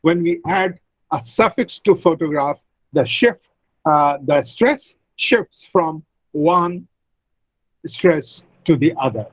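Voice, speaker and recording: Guy teaching english online, kinda high pitched, says every word twice, dull dry call sound. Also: animated, dry recording. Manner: explains slowly, repeats example words. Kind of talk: online class lecture.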